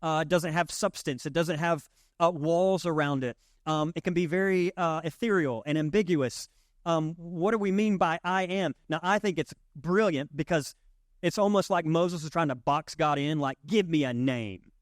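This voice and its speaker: A man's voice: on the high side, moderate pace, no room sound, clean studio sound. A male pastor preaching a sermon in a conversational way, often checking in with his listeners.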